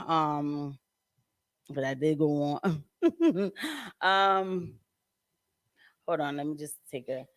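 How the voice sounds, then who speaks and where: A woman hosting a casual political commentary livestream. She talks in an animated, chatty way, laughs often and leaps up in pitch. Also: no echo, studio quality. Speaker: livestream host.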